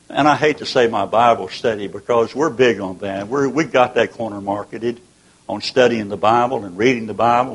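A man's voice: mid-range voice, husky, poor audio. An older man preaching a sermon in a folksy, earnest way, asking many rhetorical questions and often restarting his sentences.

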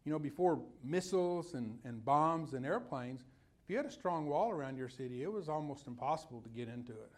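A man's voice: a little high, expressive, a little fast, darkish tone. A man preaching a sermon in a folksy, conversational way, telling personal stories and putting questions to his listeners.

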